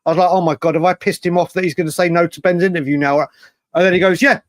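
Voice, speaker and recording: A man co-hosting a podcast, telling stories in an animated, rambling casual chat with many restarts. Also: high-pitched, fast talker, dry recording. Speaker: podcast co-host.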